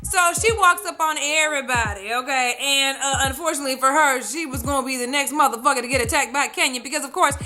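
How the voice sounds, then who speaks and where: A woman with a high voice talks fast, barely pausing, over faint background music. She's vlogging a profane, sassy recap of a reality show, animatedly acting out what the cast said.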